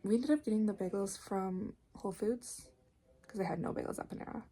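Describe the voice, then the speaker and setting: A chatty young woman vlogging about her day, rambling easily and leaning on "like" every few words. Her voice sits at an ordinary middle pitch. A faint hum of background noise sits behind her. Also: a little fast, mellow, rough recording. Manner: chatty, rambling, heavy use of "like". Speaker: vlogger and preschool music teacher. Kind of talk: casual vlog chat.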